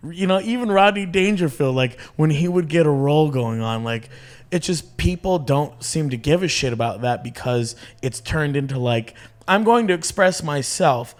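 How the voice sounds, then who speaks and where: A man who is a stand-up comedian, chatting as a podcast guest, telling animated, profane stories and acting out what people said. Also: a little high, normal speed. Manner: animated storyteller, profane, acts out quotes. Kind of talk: casual podcast chat.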